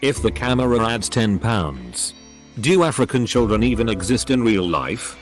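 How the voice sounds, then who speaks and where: Man, narrator, reading forum posts, low pitch, lively intonation, reads punctuation aloud, faint music behind. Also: moderate pace. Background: faint background music.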